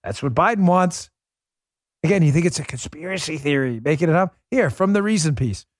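A man's voice: fairly high pitch, animated, brisk, no room sound, clean studio sound. A man hosting a political commentary show, speaking emphatically and sarcastically straight to his listeners. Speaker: show host.

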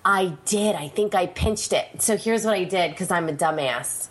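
A woman's voice: on the low side, moderate pace, slightly rough. Nasal, chatty woman radio host. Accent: Pennsylvania. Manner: chatty, self-mocking, rambling. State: nasal from a cold. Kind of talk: casual radio chat.

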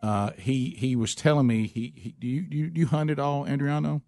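A man's voice: medium pitch, steady tone, a little fast, creaky, warm tone, no echo. A man with a Southern US accent hosting a casual chat, telling stories in a rambling, folksy way and laughing often. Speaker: host.

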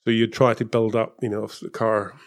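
Low-voiced man recalling racing days. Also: flat delivery, fairly quick. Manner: rambling, with many fillers and restarts. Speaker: former F1 technical director and race engineer. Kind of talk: casual interview chat.

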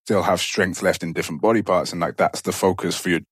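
A young man with a very low voice talks through a casual podcast chat, circling back with fillers and restarts. His voice sits close to the mic in a dry room. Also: fairly even intonation, fast talker, slightly rough, no echo. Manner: rambling, many fillers and restarts. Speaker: podcast co-host.

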